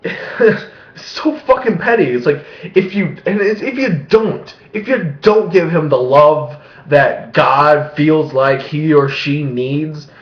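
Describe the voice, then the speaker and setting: A young man rambling casually and profanely in a home vlog, laughing often and mocking what he heard. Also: fairly high pitch. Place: small room at home. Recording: echoey room, dull lo-fi sound.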